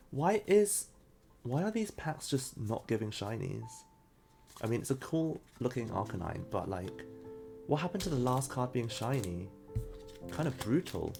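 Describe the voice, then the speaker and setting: A man's voice: mid-range voice, big pitch swings, a little slow, vocal fry, long pauses, a little mellow, soft background music. A man streaming live as he opens trading card packs, reading chat aloud and fumbling over names. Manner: chatty, reacts to pulls and reads chat; unsure of pronunciations, laughs often. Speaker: streamer opening trading cards.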